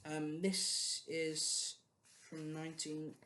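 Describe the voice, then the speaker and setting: British collector rambling about books at home, lots of ums, average pitch. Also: little pitch movement, extremely slow, pushed and bright. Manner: rambling, many ums and restarts, chatty. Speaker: book collector vlogger. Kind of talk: casual book haul chat.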